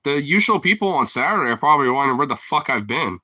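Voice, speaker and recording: A man with a very bright, sharp-edged voice chatting casually, rambling and swearing, padding his talk with fillers and breaking into laughs. The sound is close and completely dry, with no room echo at all. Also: mid-range voice, big pitch swings, fast talker, breathy edge. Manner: rambling, profane, heavy on fillers; laughs often while talking. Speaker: streamer host. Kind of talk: casual chat.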